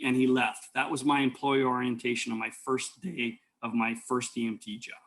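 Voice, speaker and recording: A man's voice: mid-range voice, little pitch movement, normal speed, creaky, hardly any pauses, a bit bright. Man lecturing with rambling stories. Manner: rambling, anecdotal, frequent fillers and restarts. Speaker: EMT instructor.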